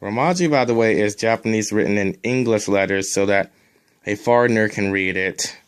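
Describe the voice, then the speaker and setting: A man's voice: fairly low pitch, normal speed, smooth. A man teaching a recorded language lesson, drilling sounds one at a time and adding casual asides.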